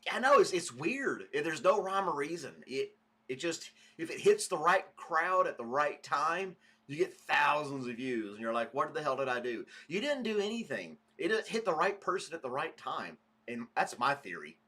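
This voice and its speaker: A man's voice: on the high side, big pitch swings, moderate pace, bright, forceful tone, breathy edge. A man hosting a casual morning livestream podcast, rambling chattily and greeting viewers by name. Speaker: podcast host.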